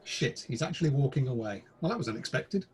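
A British podcast co-host speaks quickly in a mid-range voice with lively intonation and a slightly mellow quality. He trades crude, mock-formal pub banter in a theatrical style, clearly scripted for comedy.

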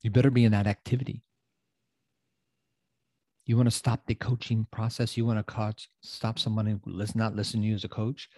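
A man's voice: lowish voice, little pitch movement, a little fast, long pauses, dark tone, no echo, clean studio sound. A middle-aged man hosting a motivational coaching podcast, emphatic and casual, often repeating phrases for effect. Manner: casual, loose grammar.

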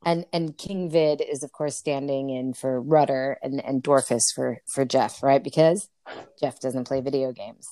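A woman's voice: a bass voice, fairly even intonation, unhurried, dark tone, dry recording. A woman co-hosting a podcast, chatting casually as she recaps a movie, with plenty of fillers and laughs. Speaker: podcast co-host. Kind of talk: casual chat recapping a film.

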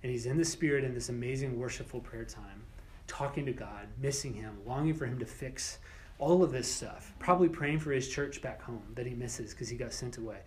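Teaching a Bible class, a man with a medium-pitched voice keeps things relaxed and conversational. He grows animated at times and occasionally drops to a whisper for emphasis.

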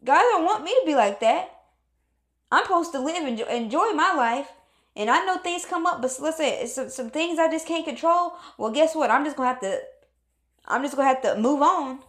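A woman's voice: sits high, expressive, fairly quick, a bit bright. A woman giving a motivational pep talk, emphatic and preachy, repeating phrases for stress. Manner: calls on God in exclamations. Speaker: motivational speaker.

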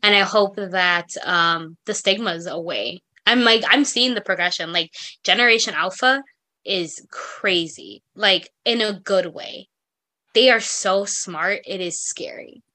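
Young female podcast co-host, bright tone, chatty and rambling, casual. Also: mid-range voice, measured pace. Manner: chatty, rambling storyteller with many fillers. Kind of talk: casual chat.

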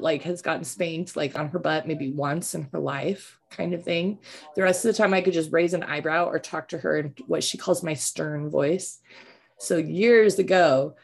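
A woman's voice: low voice, creaky, a little mellow. A middle-aged woman hosting a casual interview chat, rambling and chatty with many fillers. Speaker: podcast host.

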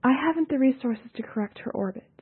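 A woman's voice: high-pitched, animated, a little fast, breathy edge, voice pushed up. A woman reading an audiobook voices a desperate, wounded female starship pilot protecting her unborn daughter, with pleading, strained lines. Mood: weary. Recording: tinny phone-like audio.

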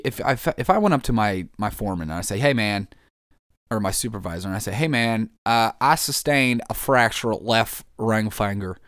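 A man's voice: lowish voice, clean tone, dry recording, studio quality. A man casually reading headlines aloud and reacting to them, joking and rambling, calling people "man" and "dude". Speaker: vlogger reacting to news.

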